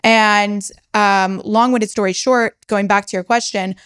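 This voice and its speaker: Frank, smooth-voiced young woman. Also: medium pitch, measured pace. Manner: frank, swears freely, animated retelling. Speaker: podcast guest, startup founder. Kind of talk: candid personal storytelling.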